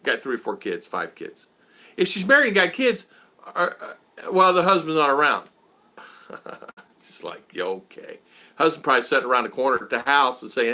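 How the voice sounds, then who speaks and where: An older man with a medium-pitched voice hosts a casual video chat at a normal pace. He's an animated vlog host who tells stories and acts out exasperated quotes.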